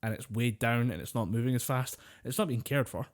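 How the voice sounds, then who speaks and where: A man's voice: mid-range voice, a little fast. A man co-hosting a podcast, telling long rambling stories in casual chat, swearing freely and laughing often. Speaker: podcast co-host.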